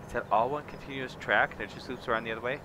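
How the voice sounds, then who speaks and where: A man's voice: medium pitch, fairly even intonation, racing. A man streaming a farming game, muttering wry casual commentary to himself as he plays. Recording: noisy background.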